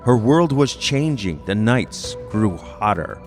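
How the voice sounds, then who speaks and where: A man putting on a dramatic movie-trailer narrator voice, slow and drawn out. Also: fairly low pitch, sing-song, soft background music. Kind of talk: mock movie-trailer voice-over.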